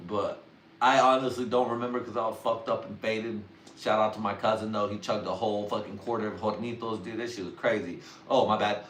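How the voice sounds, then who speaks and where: A man's voice: lowish voice, fairly even intonation, brisk, fairly bright tone, far from the mic, slight background noise. A man talking casually on a livestream, rambling crudely with heavy swearing. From Mexican family. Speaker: livestream host. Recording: roomy sound from away from the mic.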